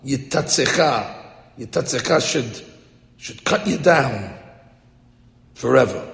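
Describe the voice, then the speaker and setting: A man teaching a text-study lecture to a class, animated and translating phrases line by line. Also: medium pitch, vocal fry. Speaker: Torah teacher. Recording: echoey hall.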